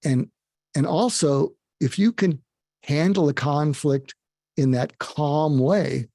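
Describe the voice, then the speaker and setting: A man speaks as an expert panelist with a gravelly, mellow voice. He explains step by step, pausing on fillers and restarting phrases. The sound is close and dry. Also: a little high, no echo. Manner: acts out short quoted exchanges in a raised voice.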